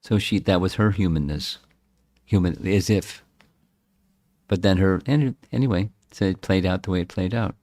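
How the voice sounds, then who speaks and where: A man's voice: deep voice, normal speed, darkish tone, dry recording, clean studio sound. A man in his seventies giving a devotional scripture talk in a reflective way, often repeating and restarting words. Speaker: scripture class speaker.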